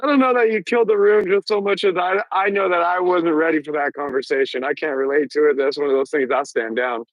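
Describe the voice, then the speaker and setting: A man's voice: a little high, fairly even intonation, quick pace, few pauses, no room sound. A man in a casual online group chat who speaks bluntly and holds back on topics he can't relate to. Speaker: parent traveling for work.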